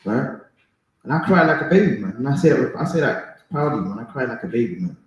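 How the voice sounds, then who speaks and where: A man's voice: mid-range voice, sing-song, fast, muffled recording. A man leading a casual Bible study, talking emphatically and often tagging lines with "man" and "right?". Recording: echoey room.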